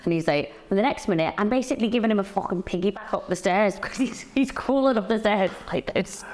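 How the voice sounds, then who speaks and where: A woman guest telling a wild night-out story in casual podcast chat, acting out other people's lines. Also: fast. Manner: animated, mimics others in lowered voices.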